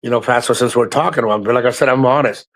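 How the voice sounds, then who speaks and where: Male livestream host, casual chat, blunt and profane, mid-pitched, loose rambling delivery. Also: very fast, a bit bright. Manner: frank, heavy swearing, rambling asides to the chat.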